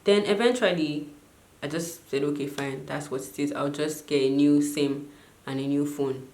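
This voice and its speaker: Young girl doing a storytime vlog, low voice, lots of "like", echoey room. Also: moderate pace, slight background noise. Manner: animated, lots of filler "like". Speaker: vlogger.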